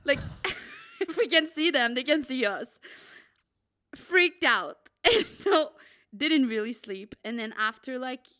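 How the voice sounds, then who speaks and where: A young woman, a podcast co-host, telling a travel story in a dramatic, excitable way and saying "like" a lot. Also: high voice, slow. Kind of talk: casual storytelling.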